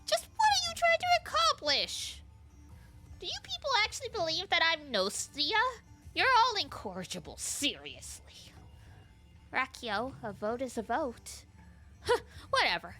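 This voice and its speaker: A woman's voice: high-pitched, sharp tone, full character voice. A woman voicing a snide, suspicious man in a game, sneering and dismissive. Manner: sneering, dismissive, drops to a mutter.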